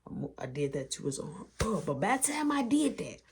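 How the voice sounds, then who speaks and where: A woman telling an animated story in a casual, slangy way, acting out the action with sound effects and quoted lines. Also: lowish voice, normal speed, creaky, background noise.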